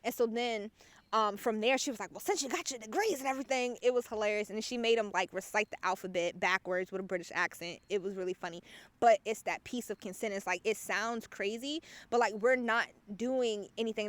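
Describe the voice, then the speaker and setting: A woman hosting her own podcast, telling a story in a casual, animated and profane way, with frequent laughter. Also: medium pitch, brisk, no echo. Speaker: podcast host.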